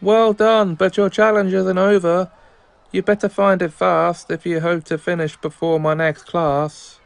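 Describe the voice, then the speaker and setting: A man's voice: high-pitched, little pitch movement, a little slow, gravelly, smooth, voice pushed up. A man reading aloud as a formal school teacher. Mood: stern. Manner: reads game dialogue aloud in a raised, formal voice.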